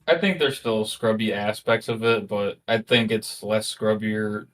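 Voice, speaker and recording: Low-voiced laid-back man, far from the mic. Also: fairly even intonation, a little slow. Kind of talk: casual gaming podcast chat. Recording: distant from the mic.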